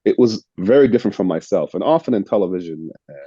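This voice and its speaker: An older man from the United States, an actor being interviewed, telling stories in a reflective, unhurried way and repeating words as he restarts. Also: sits low, lively intonation, mellow, slightly rough, dry recording, highs cut off. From United States (Illinois). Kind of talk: casual storytelling interview.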